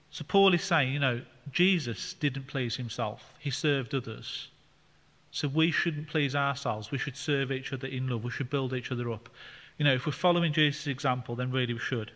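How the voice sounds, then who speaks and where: A man's voice: mid-range voice, normal speed, a bit bright. A man leading a Bible study, explaining scripture in a conversational way with fillers. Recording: long hall reverb.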